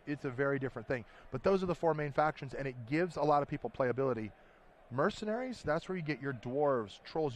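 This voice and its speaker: A man's voice: medium pitch, slight background noise. A man, a game designer, explaining his tabletop game at a convention floor interview, talking eagerly and rambling with restarts. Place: busy convention hall.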